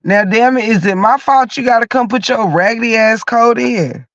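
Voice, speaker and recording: A man's voice: extremely high pitch, normal speed, a bit bright, dry recording. A man with a stuffy nose from a cold, ranting bluntly and cursing through a heated story as a podcast host. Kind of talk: profane comic rant. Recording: dull lo-fi dry sound.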